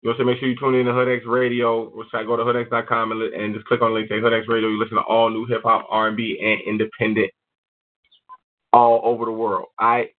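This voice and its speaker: A man's voice: medium pitch, monotone, fast. A man hosting a radio show, plugging the station and firing brief quiz questions. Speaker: host. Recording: phone-like sound.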